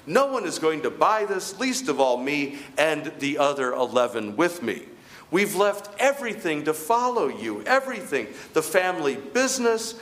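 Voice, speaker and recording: A man's voice: high-pitched, fairly bright tone, voice pushed up, full character voice. A man preaching a sermon, voicing the apostle Peter as he scolds his teacher in exasperated disbelief. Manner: exasperated, incredulous rebuking.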